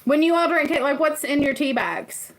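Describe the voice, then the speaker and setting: A woman's voice: high-pitched, normal speed. A woman with a Southern US accent hosting a casual livestream, rambling and laughing often as she chats. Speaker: livestream host. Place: farm home kitchen.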